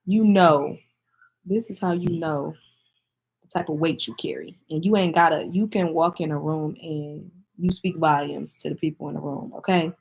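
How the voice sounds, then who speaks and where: A woman's voice: sits low, normal speed, vocal fry, a little mellow, slightly rough. A woman from Michigan chatting casually to camera as a vlogger, speaking in an emphatic, heartfelt way and addressing her viewers directly.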